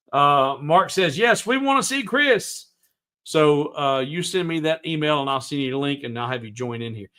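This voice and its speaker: Speaking at medium pitch with a bit of brightness, a man hosts a loose, folksy woodworking livestream in his workshop. It's casual tutorial chat: he hums while working and reads viewer comments out loud to answer them.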